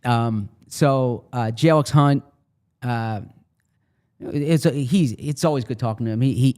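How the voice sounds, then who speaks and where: A man's voice: mid-range voice, darkish tone. A man co-hosting a casual sports podcast, talking in a rambling way with many restarts and fillers. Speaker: sports reporter co-host.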